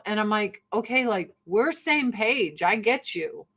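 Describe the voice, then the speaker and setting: A woman's voice: medium pitch, lively intonation, unhurried, few pauses, fairly bright tone, slightly rough. Middle-aged woman doing a get-ready-with-me stream, swears a lot, blunt and chatty. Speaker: vlogger. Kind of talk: casual get-ready-with-me livestream chat.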